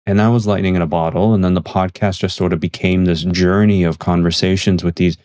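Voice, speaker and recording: Deep-voiced man telling an earnest story. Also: fairly even intonation, a little fast, darkish tone, no room sound, studio quality. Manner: earnest, reflective, acts out quoted dialogue. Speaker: podcast guest and magazine editor. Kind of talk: conversational storytelling on a podcast.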